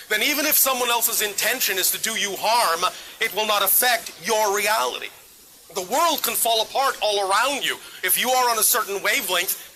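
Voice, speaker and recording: An otherworldly male being, as a man channels it, speaks in a high, piercing voice. He is clipped and emphatic, answering a live audience and pressing questions back at them. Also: sharp tone, a little hiss or hum, poor audio. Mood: insistent. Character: otherworldly male entity channeled through a man, insistent and probing.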